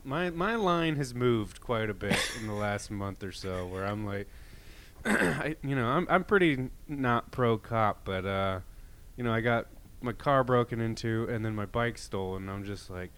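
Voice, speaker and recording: A man's voice: fairly low pitch, lively intonation, a little slow, a bit bright, clear, resonant tone. A man co-hosting a podcast, telling rambling stories in casual, profane chat with many restarts. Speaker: podcast co-host.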